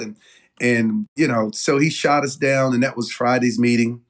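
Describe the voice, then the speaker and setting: A man from talks as an interview guest, telling stories in a loose, lively way. His voice sits at an ordinary middle pitch, and he often stops and restarts with "uh" and "like.". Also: normal speed. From Knoxville, Tennessee. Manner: animated storyteller, many fillers and restarts. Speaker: guest, business owner. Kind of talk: casual storytelling interview.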